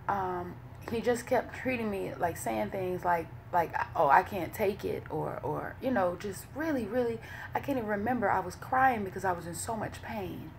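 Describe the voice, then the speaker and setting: A woman speaks in a lowish voice, candid and emotional, with frequent swearing and fillers. She talks in a loose, casual vlog manner. A faint hiss sits under the recording. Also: vocal fry. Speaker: vlogger leading a women's wellness study. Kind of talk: casual spoken commentary.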